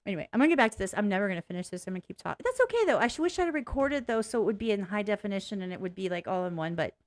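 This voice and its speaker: Speaking very fast at a medium pitch, a woman gives casual personal commentary while hosting a reaction video. She's blunt and frank, rambling, swearing, and interrupting her own train of thought.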